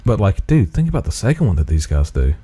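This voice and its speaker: Laid-back low-voiced man chatting. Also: quick pace, slightly rough. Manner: laid-back, swears freely, excitable. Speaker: podcast co-host. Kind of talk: casual chat.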